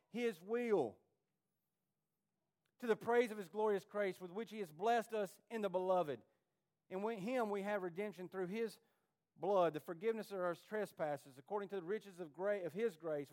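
A man preaching a sermon as pastor of a church, pleading and impassioned, his voice swinging from hushed to rising. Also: high voice.

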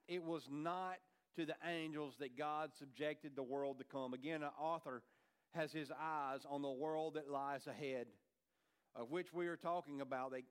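A male pastor delivers a sermon in a relaxed, folksy way and speaks straight to his congregation. His voice sits a little high for a man and comes across smooth and resonant. He drifts into friendly asides and often repeats words as he goes.

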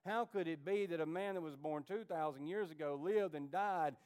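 Male pastor with a high voice, preaching a fervent, pleading sermon. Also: normal speed, a little mellow, smooth. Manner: impassioned preaching, pleading then rising. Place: church.

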